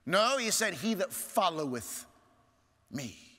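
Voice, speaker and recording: A male pastor preaching a sermon, swinging from strong rising appeals to hushed, low asides. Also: very animated, slow pace. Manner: preaching with sweeping rises and hushed drops. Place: large church sanctuary. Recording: church hall reverb.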